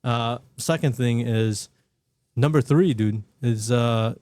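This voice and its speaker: A man co-hosting a podcast who rambles through his thoughts, stopping and restarting sentences and tossing in casual slang. His voice sits at an ordinary pitch. The sound is dry, with little room in it. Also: slow, a little mellow, no room sound. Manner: rambling, restarts sentences, says dude a lot. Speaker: podcast co-host. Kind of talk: casual chat.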